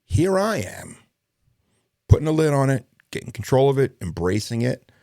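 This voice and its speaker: A middle-aged man, a former police detective, telling a story in a casual interview, profane and animated, acting out the dialogue. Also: mid-range voice, normal speed, vocal fry, no echo, clean studio sound.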